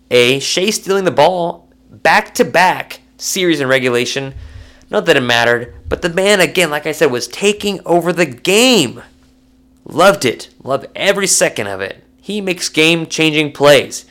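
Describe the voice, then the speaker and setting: A young man talks through a solo sports podcast in a loose, joking way. His pitch jumps around a lot as he goes from excited outbursts to low mutters, and his slightly high voice often drops into a gravelly fry. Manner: animated, jokey rants that swing between high excitement and low mumbles. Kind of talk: casual sports podcast talk.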